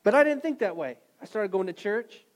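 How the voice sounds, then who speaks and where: Pastor, male, middle-aged; high voice, animated, swings loud to soft while preaching. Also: fairly quick. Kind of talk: sermon.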